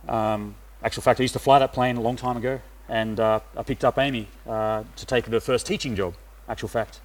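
A middle-aged man from Australia giving a sermon, pausing often with "uh" fillers. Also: medium pitch, steady tone. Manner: hesitant, many "uh" fillers. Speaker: preacher.

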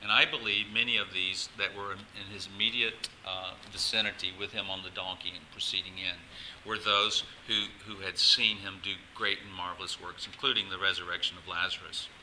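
Male pastor, lower register, crisp bright tone, lively sermon with a faint hum behind. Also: a little fast, low-quality recording. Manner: animated, coaxing the congregation to join in. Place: church service with congregation.

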